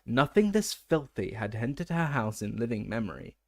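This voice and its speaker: A man reading an audiobook aloud at a steady pace, with occasional stumbles and self-corrections. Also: medium pitch, moderate pace, creaky, dry recording. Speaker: audiobook reader. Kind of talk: audiobook narration.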